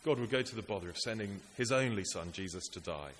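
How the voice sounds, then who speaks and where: A man's voice: fairly low pitch, lively intonation, fast talker, a bit bright. A man preaching a sermon, earnest and rhetorical, building his points through repetition and lists. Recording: echoey hall with faint hiss.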